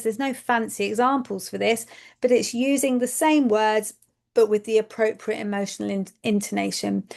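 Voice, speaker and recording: A woman's voice: fairly high pitch, vocal fry, darkish tone. A woman, a speech and language therapist giving a webinar presentation to educators, explaining step by step, checking in with her listeners and repeating words for emphasis.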